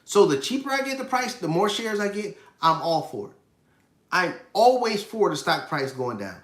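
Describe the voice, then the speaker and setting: Male host in his 30s, emphatic casual livestream delivery, slightly high voice, roomy echo. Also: sing-song, moderate pace, a bit bright. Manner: emphatic, repeats points, reads chat questions. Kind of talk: casual live finance stream.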